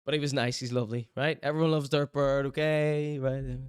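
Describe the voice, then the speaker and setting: A man's voice: medium pitch, a little fast, smooth, no room sound, studio quality. A man with a Northern Irish accent hosting a show in casual chat, telling stories animatedly and slipping into other people's voices. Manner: animated storytelling with put-on voices. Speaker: show host.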